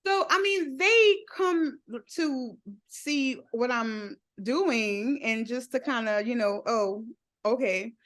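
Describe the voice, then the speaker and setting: A woman being interviewed on a podcast, speaking candidly about her own life. She talks at an unhurried pace in a fairly high voice and laughs easily between thoughts. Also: lively intonation, a bit bright. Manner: open, laughs often while telling her story. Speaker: podcast guest.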